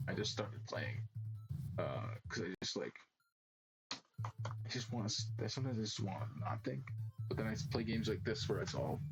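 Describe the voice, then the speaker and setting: A man with a slightly low voice talks casually while streaming, rambling, restarting sentences and doubting himself as he goes. Loud music runs under his voice the whole time. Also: low-quality recording. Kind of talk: rambling casual gameplay chat.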